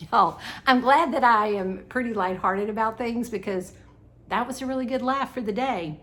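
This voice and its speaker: This vlogger and wellness coach has a mid-range voice and keeps a moderate pace. Cooking in her own kitchen, she chats in a lighthearted way, laughs readily, and says "y'all."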